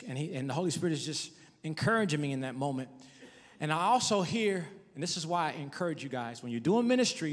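A middle-aged male pastor preaches a sermon, sharing his own story and moving from soft to emphatic as he urges listeners with rising emphasis. His voice is on the high side, with a long reverb tail.

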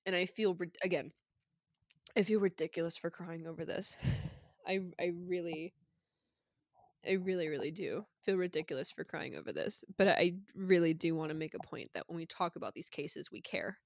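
A young woman co-hosting a podcast, tearful and crying as she talks, halting and apologetic. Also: lowish voice, expressive, creaky, dry recording, clean studio sound. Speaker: podcast co-host. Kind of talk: casual chat.

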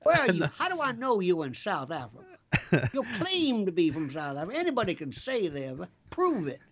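A man's voice: sits high, huge pitch swings, brisk, crowd noise. A middle-aged man, a former prosecutor, talking as a guest in a rambling, emphatic, jokey way that keeps drifting into side stories. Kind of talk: animated conversational storytelling.

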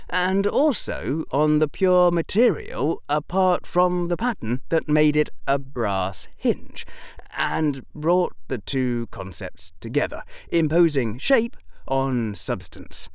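A man reads a long story aloud, his pitch leaping up and down with lively storytelling energy. The recording is dry and close, with no room sound. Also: no echo. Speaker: audiobook narrator. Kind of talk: reading a fan fiction aloud.

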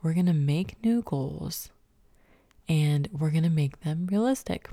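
A woman hosts a solo motivational podcast in a low, warm, gravelly voice, often slipping into a breathy half-whisper and sounding a bit stuffy from a cold. She's animated, upbeat and encouraging, laughs at herself, and speaks at a measured pace. The recording is close and dry with no room sound.

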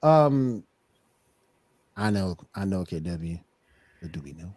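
A man's voice: low-pitched, normal speed, husky, no echo. A man hosting a casual live stream with friends, joking around and reading out the chat. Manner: animated, joking, reads out the chat. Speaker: stream host.

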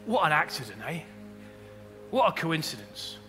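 Bright-voiced preacher in a hall. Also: male voice, on the high side, normal speed. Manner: animated preaching, rising to loud emphatic peaks. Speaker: pastor. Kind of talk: sermon. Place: church auditorium. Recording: long hall reverb with faint music.

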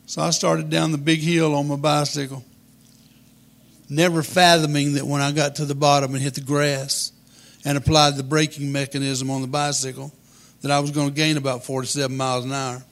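A man, telling a humorous childhood story in a folksy, deadpan way. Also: fairly high pitch, fairly quick, vocal fry.

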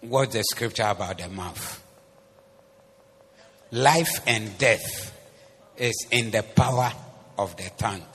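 A man preaching a sermon as the pastor. He switches between English and Twi phrases and swings from soft asides to loud, emphatic preaching. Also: on the low side, slow pace, pauses often, slightly rough. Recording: long hall reverb with faint noise.

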